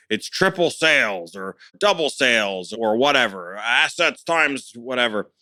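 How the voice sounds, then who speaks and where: A middle-aged man speaks as a business owner in a conversational interview, enthusiastic and plain-spoken, often repeating words at the start of a phrase. His voice is mid-range with a fairly bright tone. The recording is dry.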